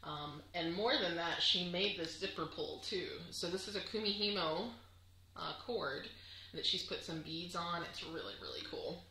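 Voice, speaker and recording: A woman's voice: fairly low pitch, normal speed, sharp tone, roomy sound, slight background noise, poor audio. A woman chatting casually to camera on her crafting vlog, gushing and chatty with lots of fillers. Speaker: crafting vlogger.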